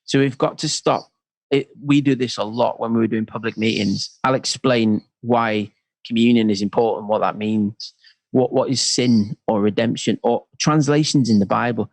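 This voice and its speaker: A man's voice: mid-range voice, normal speed, no echo. A worship leader and church pastor, a man, talking in a conversational interview and acting out the people he quotes. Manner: animated storyteller, acts out quotes.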